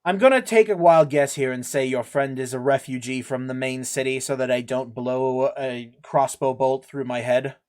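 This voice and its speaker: A man voicing a gruff, weary orc guard captain. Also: medium pitch, fairly even intonation, normal speed, few pauses, a little mellow, natural voice. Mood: exasperated. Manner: weary, exasperated.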